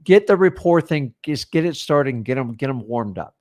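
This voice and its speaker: Running a live real estate training, a mid-pitched man speaks in short, punchy bursts and coaches listeners directly, breaking into quick role-played conversations with sellers. His delivery is expressive and a little mellow.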